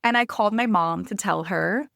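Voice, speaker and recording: A woman in her thirties hosting a podcast, candidly telling personal stories in a conversational way, often acting out quotes in a higher voice. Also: normal speed, gravelly, no room sound, clean studio sound. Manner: animated, acts out quotes with raised pitch. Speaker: podcast host. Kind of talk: personal storytelling monologue.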